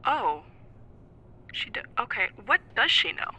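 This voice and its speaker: A teasing, upbeat young best friend with a very bright, sharp voice. Her pitch swoops around playfully as she jokes and cheers her friend on. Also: sing-song, unhurried, breathy edge, heavily acted, low-quality recording. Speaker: supportive friend. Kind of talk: audio drama acting.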